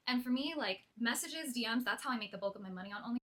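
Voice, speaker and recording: A woman's voice: fairly high pitch, rapid-fire, pushed and bright. A young woman in a clip, casually explaining to the camera with many "like" fillers. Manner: chatty, filler-heavy with "like". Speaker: content creator in a clip.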